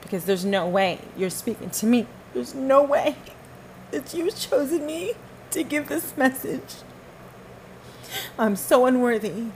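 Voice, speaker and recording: A woman's voice: high voice, unhurried, darkish tone, a little hiss or hum, low-quality recording. A woman hosting a podcast, giving a fervent, emphatic spoken testimony and repeating phrases for stress. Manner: talks to listeners and to God in turn. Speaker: podcast host.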